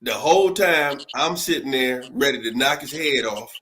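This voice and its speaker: A man's voice: mid-range voice, expressive, moderate pace, a bit bright. A man on a talk panel, joking in emphatic, slangy casual speech. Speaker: guest co-host.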